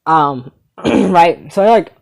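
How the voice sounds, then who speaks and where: A young man telling a crude comedy story in an animated, sarcastic way, full of rhetorical asides. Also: high-pitched, slow, gravelly.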